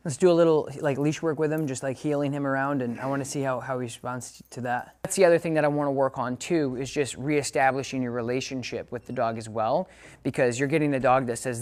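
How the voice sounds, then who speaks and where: Chatty dog trainer guy, upbeat, talks straight to camera, mid pitch voice. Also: fairly even intonation, fast talker, a little mellow. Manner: upbeat, chatty, loose with fillers and asides. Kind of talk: casual video lesson, talking to camera and a client.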